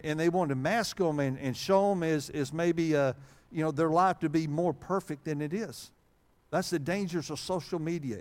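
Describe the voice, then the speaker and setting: A male pastor preaching a sermon with humor, in a conversational way, often reading old-style scripture wording aloud. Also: a little high. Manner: conversational, frequent fillers and restarts.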